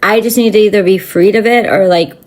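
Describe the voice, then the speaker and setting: This woman talks a bit fast at a medium pitch, her tone slightly mellow. As host of a spiritual channel, she's giving a spontaneous rant to camera that drifts, curses, and keeps stopping and starting amid fillers.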